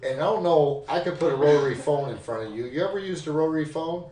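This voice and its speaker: A man telling a long hunting story on a podcast, animated and full of swearing, recorded in an echoey room with the mic set back. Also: fairly high pitch, quick pace, distant mic. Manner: animated, profane yarn-spinning. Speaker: podcast guest. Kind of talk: casual storytelling.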